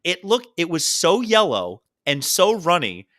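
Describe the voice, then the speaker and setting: A man with a fairly high, bright voice tells stories on a casual podcast. He is animated and swings his pitch widely, slipping into quick impressions of the people in his tales. He talks like a lively co-host in easygoing chat. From Baltimore. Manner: animated storyteller, acts out quotes.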